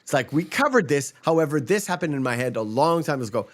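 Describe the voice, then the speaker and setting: A man's voice: fairly high pitch, animated, quick pace. A man hosting a podcast in casual chat, rambling and emphatic, swearing freely. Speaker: podcast host.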